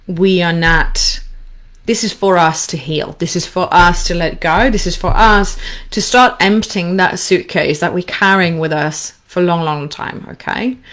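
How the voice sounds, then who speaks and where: A woman coaching listeners through a guided forgiveness exercise, speaking calmly with slow, repeated instructions. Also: lowish voice. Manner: calm, slow, repetitive instructions. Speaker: anxiety coach.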